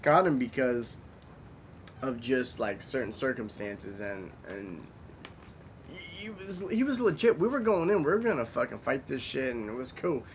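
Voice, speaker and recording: A man hosting a podcast, his mid-pitched voice carrying a gravelly fry as he tells blunt, profane stories. A faint rumble and some noise sit under the recording. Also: unhurried. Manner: blunt, profane, animated storytelling. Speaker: podcast host. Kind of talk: casual podcast chat.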